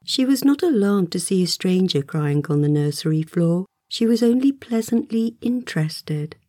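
An audiobook narrator with a low, warm voice reads a scripted storybook with lively intonation at normal speed. The studio-quality recording has no room sound.

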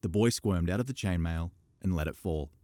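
A man reading audiobook narration in a measured, expressive way. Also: low-pitched, no room sound, clean studio sound.

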